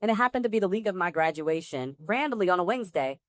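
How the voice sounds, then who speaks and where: A woman from New Jersey, a guest actress telling her story in a live interview, with lively acted-out dialogue. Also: on the low side, fast talker, no echo, clean studio sound. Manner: animated, acts out dialogue with laughs and exclamations. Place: live pop-up event at a film festival.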